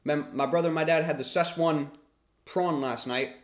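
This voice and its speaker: A man runs a relaxed livestream, reading viewers' questions aloud and answering them in an easy, chatty way. He swears freely as he talks. His voice sits slightly higher than most men's. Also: moderate pace. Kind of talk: casual livestream Q&A.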